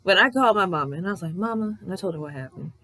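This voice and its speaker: A young woman vlogger telling a story in a casual, animated way, swearing often and ranting in exasperation. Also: on the low side, very fast.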